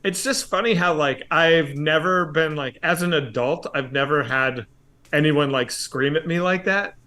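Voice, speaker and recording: A man casually telling a story on a comedy podcast, swearing often and acting out shouted quotes. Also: fairly high pitch, measured pace.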